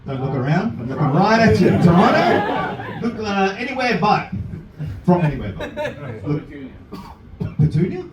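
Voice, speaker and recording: A man doing a stand-up set with crowd work, loud and silly, chatting with the audience. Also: high-pitched, big pitch swings, moderate pace, distant mic, lo-fi sound. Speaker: stand-up comedian. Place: comedy club stage. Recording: roomy club sound, mic heard from afar, loud crowd. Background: laughing club audience.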